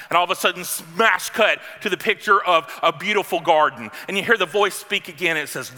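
A man's voice: a little high, lively intonation, normal speed, few pauses, sharp tone. A man preaching a sermon as pastor to his congregation, in a conversational style with casual asides. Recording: long reverb of a large hall.

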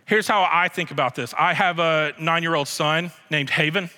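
Male pastor, bright forceful delivery, slightly high voice, emphatic and repetitive, long hall reverb. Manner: emphatic, slows and repeats key phrases. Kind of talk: sermon.

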